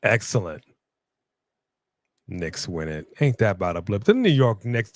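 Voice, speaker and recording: Animated man chatting on a live stream. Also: on the low side, measured pace, no echo. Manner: animated, shouts at the screen. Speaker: co-host. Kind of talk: casual live-stream chat.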